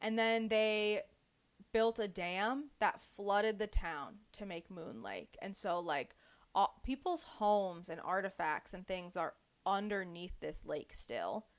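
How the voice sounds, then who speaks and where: A woman's voice: medium pitch, lively intonation, takes it slowly. A woman hosting a casual book club podcast, retelling a story with lots of "like" and "um". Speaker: podcast host.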